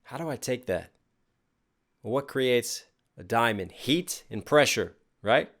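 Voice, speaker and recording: Young dude rapper reacting to a song, hyped, unpacks every bar, medium voice. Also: male voice, medium pitch, animated, measured pace, a bit bright. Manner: enthusiastic, breaks down lyrics line by line. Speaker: rapper reacting to a music track. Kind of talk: casual reaction commentary.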